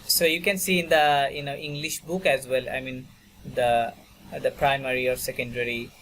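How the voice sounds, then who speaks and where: A man's voice: mid-range voice, little pitch movement, normal speed, fairly bright tone. A man teaches an online French class over a video call. He speaks patiently, circles back with "okay" and "you know," and repeats each term for his students. A faint hiss of noise sits under the call. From Bangladesh. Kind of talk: online language lesson.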